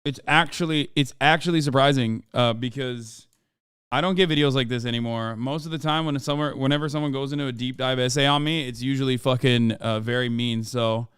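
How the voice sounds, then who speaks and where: A man streaming live, reacting to a video in rambling, animated casual talk full of fillers. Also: medium pitch, a little fast, clear, resonant tone, dry recording, studio quality.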